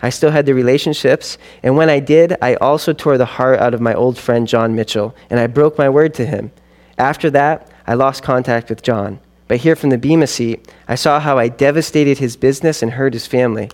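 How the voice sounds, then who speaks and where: A man's voice: medium pitch, a little fast, a little mellow. Male narrator for a first-person tale, earnest and confessional. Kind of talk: first-person dramatic storytelling.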